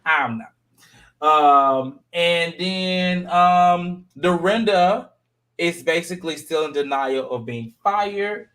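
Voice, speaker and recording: A man hosting a casual panel chat, animated and jumping into high voices to act out quotes. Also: slow. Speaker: podcast panel host recapping a reality show.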